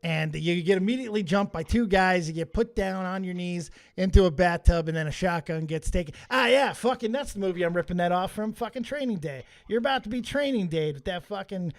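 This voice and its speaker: A man's voice: sits high, fairly quick, hardly any pauses, dry recording, studio quality. A man hosting a podcast in casual, profane, rambling chat. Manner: profane, rambling, laughs often. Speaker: podcast host.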